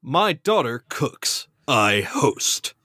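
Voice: medium pitch, big pitch swings, extremely slow, pushed and bright, no echo, studio quality, voice pushed down, heavily acted. A podcast host putting on the voice of a gloomy, grumbling older male pony who hosts a restaurant. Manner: grumbling and mopey.

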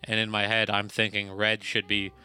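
A man's voice: lowish voice, monotone, normal speed, sharp tone, smooth, soft background music. A man playing a tabletop game, casually describing what his character does. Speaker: player.

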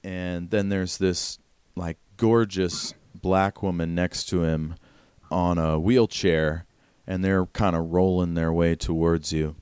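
A man narrating as game master of a tabletop role-playing game, relaxed and descriptive. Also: low voice, slow pace, clean tone, dry recording.

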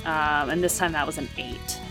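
A woman's voice: deep voice, moderate pace, over music, poor audio. A woman player in a tabletop game with a brash, upbeat manner. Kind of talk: casual tabletop play.

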